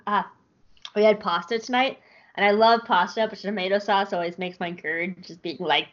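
A woman co-hosting a podcast, giving an animated, jokey recap in casual chat. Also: medium pitch, moderate pace, dull audio. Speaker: podcast co-host.

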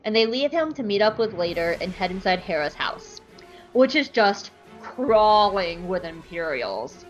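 A woman's voice: medium pitch, very animated, unhurried, lo-fi sound, soft background music. A young woman hosting a podcast, chatting casually and giggly through an episode recap. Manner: chatty, giggly, lots of fillers. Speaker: podcast host.

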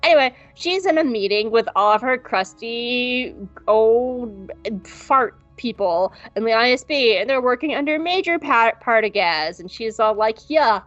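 A woman's voice: a little high, lively intonation, unhurried, a bit bright. A woman co-hosting a podcast, rambling and joking through a casual recap with frequent swearing. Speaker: podcast co-host. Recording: dull lo-fi audio with faint music.

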